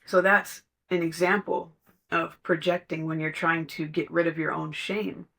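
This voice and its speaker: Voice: medium pitch, little pitch movement, a little slow, creaky, fairly bright tone. A podcast speaker in casual spiritual talk, telling stories conversationally and laughing now and then.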